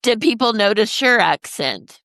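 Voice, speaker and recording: A woman's voice: a little high, very animated, measured pace, bright, forceful tone, no room sound. A woman hosting a podcast interview who asks her questions hesitantly and with fillers. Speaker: podcast host.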